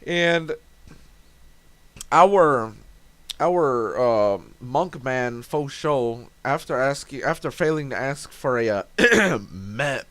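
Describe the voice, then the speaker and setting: A man's voice: medium pitch, expressive, very slow, a bit bright, dry recording. A young man casually recapping a tabletop game session, rambling, swearing and correcting himself. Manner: rambling, self-interrupting, swearing.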